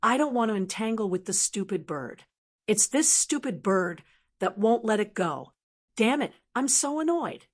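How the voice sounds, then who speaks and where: A woman voicing a foul-mouthed, whiny male talking blackbird in an audiobook, with a sharp voice and a constant stream of complaints and curses. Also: mid-range voice, sing-song, normal speed. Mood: annoyed. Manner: cursing and complaining. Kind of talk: audiobook character reading.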